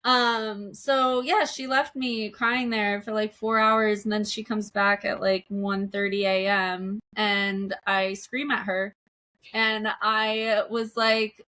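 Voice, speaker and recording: A woman's voice: medium pitch, flat delivery, slow pace, sharp tone. A young woman guest on a podcast, candidly telling a story about a relationship, with many "like" fillers and laughs mixed in.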